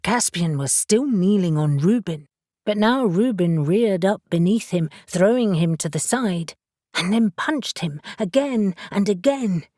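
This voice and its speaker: A woman narrating an audiobook in a steady, deliberate reading voice. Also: mid-range voice, dry recording, studio quality. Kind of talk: scripted narration.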